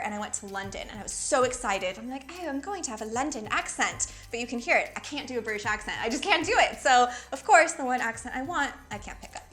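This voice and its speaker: Chatty Valley girl woman, high voice. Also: a bit bright. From Miami, USA. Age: 30s. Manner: chatty, fills talk with "like". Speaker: fashion blogger. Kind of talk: casual to-camera vlog.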